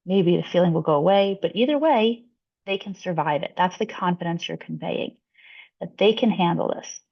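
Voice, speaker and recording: A woman psychologist presenting a webinar, explaining clearly and acting out short example lines. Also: lowish voice, moderate pace. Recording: dull lo-fi webinar audio.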